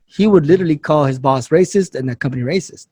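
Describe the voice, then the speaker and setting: A man's voice: a little high, fast, mellow, breathy edge, dry recording, clean studio sound. A man co-hosting a casual political talk show, arguing his points and laughing between them. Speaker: podcast co-host.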